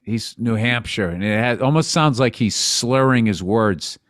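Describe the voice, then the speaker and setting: A man's voice: fairly low pitch, unhurried, a bit bright, no room sound, studio quality. A man co-hosting a podcast, in wry, profane, rambling chat. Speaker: podcast co-host.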